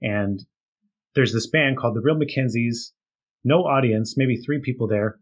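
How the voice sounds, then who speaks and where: Male guest, husky, chatty storyteller with lots of fillers. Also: mid-range voice, normal speed. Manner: storytelling, laughs often, many fillers. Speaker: author and guest. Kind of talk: casual chat.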